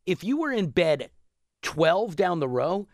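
Podcast host brief: man, rambling storyteller, lively pitch swings, dry close sound. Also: measured pace, dry recording. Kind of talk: casual chat.

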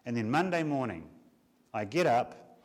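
A man, a pastor, preaching a Sunday afternoon sermon with measured emphasis and many rhetorical questions. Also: mid-range voice, animated.

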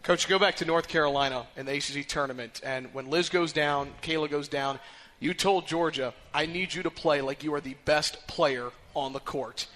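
A man hosting a live radio sports show, talking in a brisk broadcaster delivery from a bar. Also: on the high side, a bit bright.

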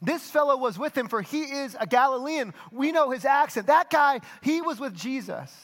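A man's voice: extremely high pitch, animated, moderate pace, a bit bright, voice pushed up, full character voice. A man playing an accusing bystander who insists, in a raised and pushy voice, that someone was with the accused.

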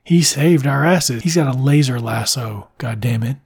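A man doing an outraged young male spy who shouts frantic, cursing complaints. The voice is husky and a bit breathy. It sounds like his everyday voice turned up loud and high. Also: unhurried.

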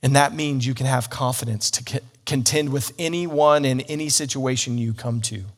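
A man's voice: medium pitch, steady tone, normal speed. Earnest storytelling male Bible teacher. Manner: storytelling, earnest, with slips and restarts. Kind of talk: sermon-style Bible teaching.

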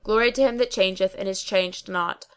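A woman's voice: medium pitch, steady tone, moderate pace, clean tone, lightly acted. A woman voicing a garrulous, pompous old male barber who talks on and on, full of pious sayings. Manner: long-winded, pious, quoting sayings.

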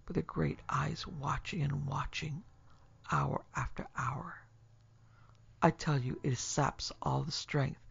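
A man voicing a feverish, delirious young drunk who speaks in hushed, plaintive whispers. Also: on the high side, vocal fry, husky, heavily acted. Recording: dull lo-fi recording, faint music.

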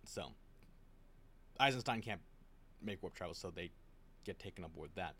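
Man, lowish voice with a forceful edge, casual rambling storyteller. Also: animated, normal speed, husky. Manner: rambling retelling with acted quotes and restarts. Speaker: lore explainer.

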